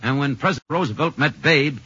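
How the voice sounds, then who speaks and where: A man's voice: a little high, brisk, sharp tone, breathy edge, no echo. A middle-aged man, a former ballplayer turned sportscaster, telling old stories in a folksy way with many fillers. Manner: folksy storyteller, many uh fillers, acts out quoted voices. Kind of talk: reminiscing interview anecdote. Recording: dull lo-fi old radio recording.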